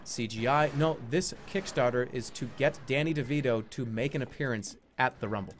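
A man chats through a game stream in a rambling, joking way, now and then breaking into loud, high mock-wrestling bits. His voice sits at an ordinary middle pitch. Clear gunfire and game sounds run under his talk. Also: brisk. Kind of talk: casual gaming stream chat. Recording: game gunfire noise behind voice.

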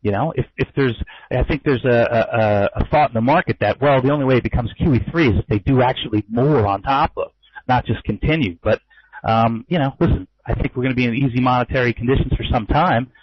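A man talks through the markets in an offhand, conversational way, full of fillers, restarts and wry jokes. His voice is middling in pitch and close to the mic. The sound is dull and muffled, with no room echo at all. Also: fairly quick, breathy edge. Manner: loose and conversational, many fillers, wry asides. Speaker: forex trader and trading educator. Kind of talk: casual market commentary webinar.

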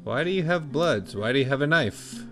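A man's voice: mid-range voice, animated, moderate pace, a bit bright, soft background music. A man reading the lines of a suspicious male farmer in a game, questioning in a mildly accusing way, close to his own voice.

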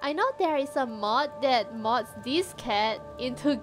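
A woman live-streaming a game, talking to the cat on screen and squealing and shouting when things go wrong. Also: high voice, unhurried, few pauses, soft background music. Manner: talks to the cat character, meowing.

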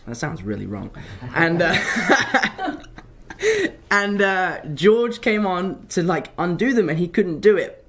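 A man's voice: high voice, very animated, slow pace, bright, forceful tone, a little hiss or hum. A young man with an English accent, an actor chatting cheekily in press interviews and often apologising.

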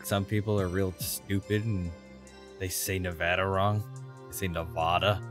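A man's voice: low-pitched, level tone, unhurried. A man joking around casually with friends during a game and reading game text aloud. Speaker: co-player. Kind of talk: casual gaming chat. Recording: faint gameplay music behind voice.

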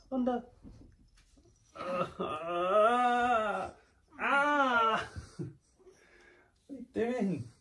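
A woman filming at home, talking to her dogs in a soft, coaxing, affectionate way. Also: medium pitch, creaky. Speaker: dog owner and new mother filming at home. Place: family home.

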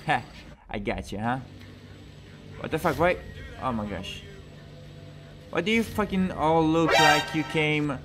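A man giving casual, sarcastic gameplay commentary, swearing often and gushing in mock excitement. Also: on the high side, unhurried, long pauses, over music. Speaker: gamer commentating his gameplay.

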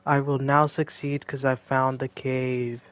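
A man giving casual gameplay commentary, jokey and excitable, talking to himself and to the game's creatures. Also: medium pitch, a little slow, a little hiss or hum.

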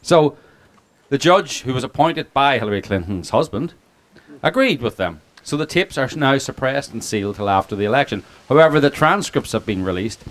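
A man's voice: medium pitch, animated, normal speed, a bit bright. Rambling Irish man giving a speech. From Ireland. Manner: rambling, joking, full of restarts and asides. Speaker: documentary filmmaker giving a speech. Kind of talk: informal speech to an audience. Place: outdoor picnic gathering.

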